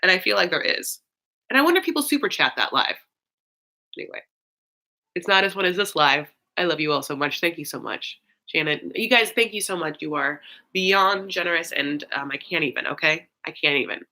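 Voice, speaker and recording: Young woman, bright forceful voice, slightly low pitch, rambling livestream chat, lots of "like" and "um". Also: lively intonation, a little fast. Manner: rambling, filler-heavy, effusive thanks to viewers. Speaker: host of a live recap stream.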